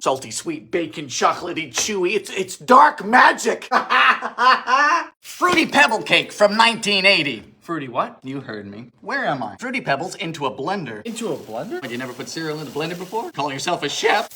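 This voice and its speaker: A cooking show host narrates a comedic vintage recipe program in a bright, sharp voice whose pitch jumps around constantly. He swings from shouted exclamations to deadpan, muttered jokes, with slight noise in the background.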